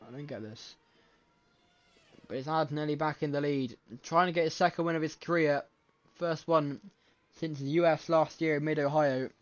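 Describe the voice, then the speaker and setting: A man calls a race live from home late at night, excitable and quick to correct himself mid-sentence. His voice sits a little high and his throat is scratchy. The desk mic sounds slightly muffled and lo-fi. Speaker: race commentator. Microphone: desk microphone.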